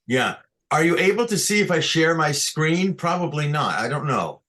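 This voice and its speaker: A man's voice: on the high side, animated, moderate pace, a bit bright. A man teaching a class on chanting scripture over a video call, explaining patiently step by step and often checking that his students follow. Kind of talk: online lesson on chanting scripture. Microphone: computer mic on a video call.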